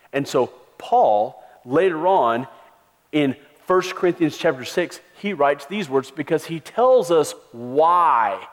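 Male pastor, emphatic sermon delivery, a bit high-pitched, long hall reverb. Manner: emphatic preaching, raising the voice for stress.

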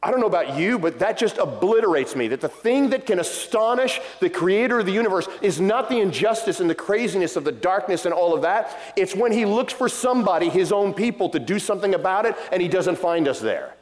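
A middle-aged pastor preaches a sermon with passion, telling a story and acting out what people said. His high voice is animated and brisk, with hardly any pauses. Long hall reverb fills the recording.

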